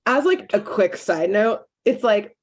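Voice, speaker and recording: A woman co-hosting a podcast, retelling a cartoon episode in a casual, animated way and acting out the characters' lines with plenty of "like". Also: mid-range voice, measured pace. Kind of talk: casual chat.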